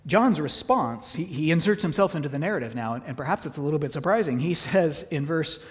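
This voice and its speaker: A man preaching a sermon as a pastor, earnest and emphatic, his voice rising suddenly to loud peaks. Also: a little high, expressive, quick pace. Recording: muffled, reverberant hall recording.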